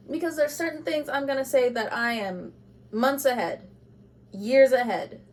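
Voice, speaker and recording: A woman giving an intuitive tarot reading to camera, speaking bluntly and with passion, moving between loud urging and quiet asides, with laughs between points. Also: high voice. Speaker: tarot reader.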